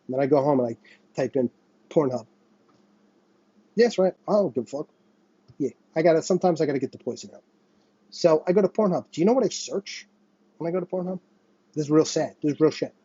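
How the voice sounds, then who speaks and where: A man's voice: mid-range voice, mellow, breathy edge, no echo, lo-fi sound. A young man hosting a podcast, venting in a profane monologue and mocking other people by quoting them. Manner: vents with heavy profanity and mocking quoted voices. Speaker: podcast host. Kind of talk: ranting monologue.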